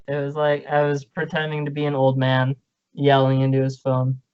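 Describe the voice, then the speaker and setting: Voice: mid-range voice, a little mellow, clear, resonant tone, no echo, highs cut off. A podcast co-host chatting casually, joking and riffing on puns, with frequent laughter. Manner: jokey, laughs often, riffs on puns. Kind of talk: casual chat.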